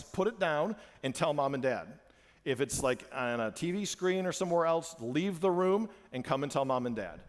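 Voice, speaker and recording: A man and father giving an animated church presentation to parents, repeating phrases for emphasis, in a church hall. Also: a little high.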